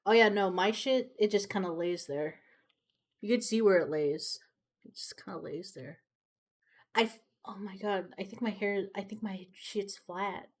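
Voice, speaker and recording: A young woman streamer draws while chatting casually, rambling, swearing freely and laughing at her own stories. Her voice is medium-pitched and a little slow.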